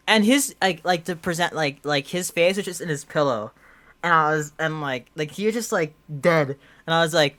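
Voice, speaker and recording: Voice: medium pitch, animated, normal speed, fairly bright tone. A young adult podcast co-host telling a story in casual chat, rambling and full of "like" and restarts. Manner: rambling, heavy use of "like" and restarts.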